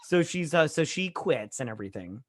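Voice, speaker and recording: Profane, animated woman podcast co-host. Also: deep voice, moderate pace, background noise. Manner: profane, animated retelling with acted asides. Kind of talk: casual drunk movie review chat.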